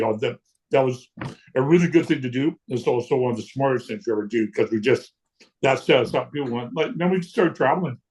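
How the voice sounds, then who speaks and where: A man in his sixties spins stories in relaxed conversation. He is lively and blunt, slipping into the voices of other people and cursing without a second thought. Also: mid-range voice. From Canada. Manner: lively storyteller who acts out quotes and swears freely. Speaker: guest punk musician. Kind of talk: casual storytelling.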